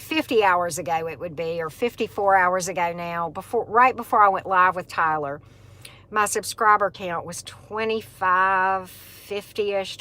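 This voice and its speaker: A middle-aged woman, hosting a casual live chat with viewers. She talks in a chatty, animated way and laughs often. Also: mid-range voice. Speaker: livestream host.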